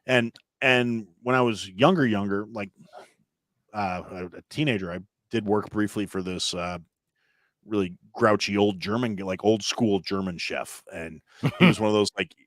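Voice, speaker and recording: A man's voice: fairly low pitch, moderate pace, no echo, clean studio sound. A man from Illinois, a chef guest on a podcast, telling stories in casual chat and acting out quoted lines. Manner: storytelling, acts out loud quotes.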